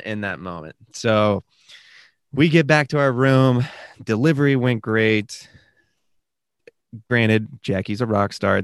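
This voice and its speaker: Animated young man telling a story. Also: fairly low pitch, no room sound, clean studio sound. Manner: animated, rambling with many fillers. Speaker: podcast guest, new father. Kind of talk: casual storytelling chat.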